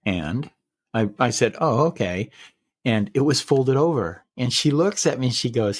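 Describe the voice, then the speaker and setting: A man hosting a podcast, retelling a personal story in casual chat, measured and full of quoted dialogue. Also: mid-range voice, expressive, no echo.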